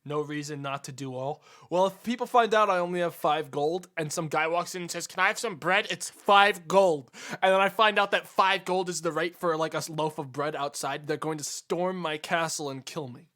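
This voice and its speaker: Male streamer, rambling and profane during gameplay, with a high, bright voice. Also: brisk, few pauses. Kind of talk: gameplay commentary.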